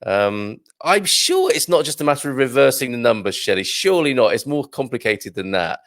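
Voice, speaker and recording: A man's voice: medium pitch, expressive, a little fast, fairly bright tone, dry recording, clean studio sound. A British man hosting a livestream, chatting casually and rambling as he reads out viewer comments, often chuckling at himself. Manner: rambling, chuckling, self-deprecating. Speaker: livestream host. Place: small studio.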